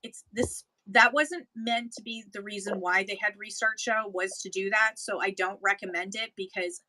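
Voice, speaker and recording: A woman's voice: medium pitch, moderate pace, bright, forceful tone, no echo, rough recording. A woman from Canada, co-hosting a casual chat about livestream selling, explaining in a rambling, self-correcting way. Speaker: livestream seller and co-host.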